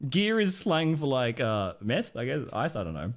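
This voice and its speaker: A man's voice: medium pitch, sing-song, unhurried. A man streaming live, chatting casually and reacting to clips, rambling, swearing and laughing often.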